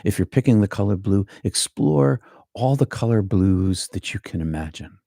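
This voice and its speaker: Gravelly low-voiced Boston man. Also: no echo, studio quality. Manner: calm, unhurried, chatty asides to viewers. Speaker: meditation teacher. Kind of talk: live-streamed meditation talk.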